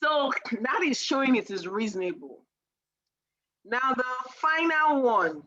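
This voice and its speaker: A woman teaching persuasion on a casual live stream, animated and laughing often as she acts out sales lines. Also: sits high, a little slow, dull audio.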